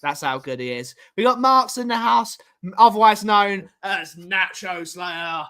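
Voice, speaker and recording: Bright-voiced Welsh man, chatty. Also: high voice, measured pace. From Wales. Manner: animated, banters and greets chat viewers. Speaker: co-host of a fan livestream. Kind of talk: casual chat.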